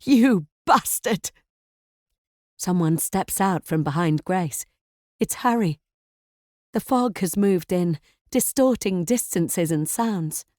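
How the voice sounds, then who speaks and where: A woman narrating a thriller audiobook in first person, tense and measured. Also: lowish voice, lively intonation, mellow, no echo, studio quality.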